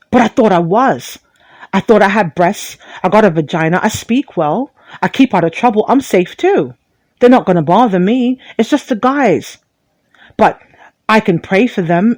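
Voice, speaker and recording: A woman's voice: mid-range voice, a little mellow, dry recording. A woman hosting a talk radio show, delivering an impassioned monologue full of rhetorical questions and blunt profanity.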